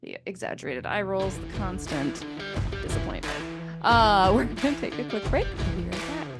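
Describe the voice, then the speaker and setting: A woman's voice: mid-range voice, expressive, normal speed, over loud music. Playful woman hockey podcast host. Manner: playful, joking, laughs often. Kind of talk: casual sports chat. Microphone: studio microphone.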